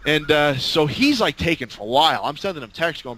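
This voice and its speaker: A man's voice: fairly high pitch, lively intonation, fairly quick, bright, forceful tone. A man telling a long, rambling road story in casual chat, swearing and laughing as he goes. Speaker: storyteller guest.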